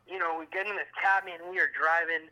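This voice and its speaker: Bright-voiced man telling a rambling story. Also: on the high side, steady tone, fairly quick, poor audio. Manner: rambling, profane, heavy fillers. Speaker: storyteller on a call with his brother. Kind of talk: casual chat.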